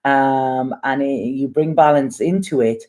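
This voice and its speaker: Woman, tarot reader, deep mellow voice, rambling, blunt, swears. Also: unhurried. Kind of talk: casual tarot reading.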